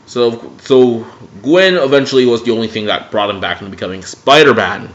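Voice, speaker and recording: A man casually reviewing superhero movies in an excitable way, swearing freely. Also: medium pitch, moderate pace. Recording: dull lo-fi recording.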